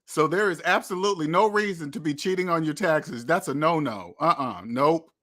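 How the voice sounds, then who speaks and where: A man with a fairly high, bright voice delivers a motivational money monologue. He lectures his viewers in a preachy, repetitive way. Now and then he acts out imagined quotes. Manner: preachy, repetitive, addresses viewers as debt slaves. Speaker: money channel host.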